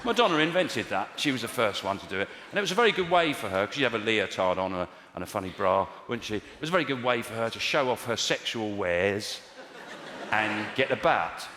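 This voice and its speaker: A man's voice: lowish voice, lively intonation, a little fast, a little hiss or hum. A man doing a wry, rambling stand-up routine on stage in a big theatre. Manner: wry, rambling, puts on silly voices. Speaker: stand-up comedian. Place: large theatre with an audience. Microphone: stage microphone. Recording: echoey live hall, loud audience laughter.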